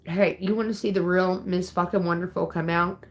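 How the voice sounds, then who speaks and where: A woman's voice: fairly low pitch, steady tone, normal speed. A woman ranting angrily at her viewers on a livestream, upset and swearing, threatening people in the chat. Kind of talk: angry livestream rant.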